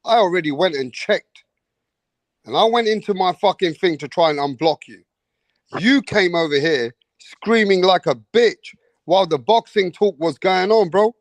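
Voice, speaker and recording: A man's voice: sits high, expressive, normal speed, no room sound. A man, hosting a live online show, ranting in an exasperated, profane way and repeating "bro" and "man". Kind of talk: heated live-stream rant.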